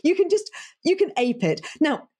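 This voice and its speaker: A woman voice coach giving emphatic, animated advice as a guest in a podcast interview. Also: sits high, normal speed. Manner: animated and emphatic, stresses key words.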